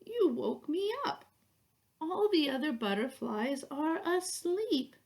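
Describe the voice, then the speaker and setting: A woman's voice: high voice, sing-song, slow, vocal fry, a little mellow, pitched above the performer's own voice, full character voice. A woman reading a storybook, voicing a sleepy, blunt butterfly who explains things patiently. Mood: grumpy.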